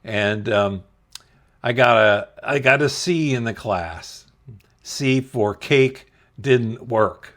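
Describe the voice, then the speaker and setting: Slow-talking man telling a school story. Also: mid-range voice, fairly bright tone. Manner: slow, laughing, self-deprecating. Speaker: channel host telling a story. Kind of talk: casual storytelling to camera.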